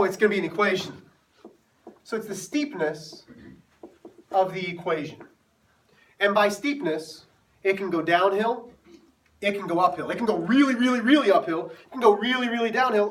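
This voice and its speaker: A man's voice: sits high, normal speed, pauses often, fairly bright tone, far from the mic. A male math teacher telling a self-mocking story to his class before moving into the lesson.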